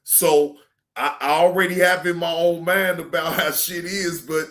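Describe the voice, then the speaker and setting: Male stream host with a higher voice who drawls slowly, slangy and profane, loud then hushed. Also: steady tone. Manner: slangy, profane, repeats himself; swings between loud hype and low, quiet asides. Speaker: reaction show host. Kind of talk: casual livestream talk.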